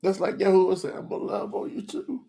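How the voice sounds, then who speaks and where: An emotional man teaches scripture on a livestream, close to tears and talking straight to the people in his chat. His voice is slightly high and gravelly. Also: quick pace, mellow.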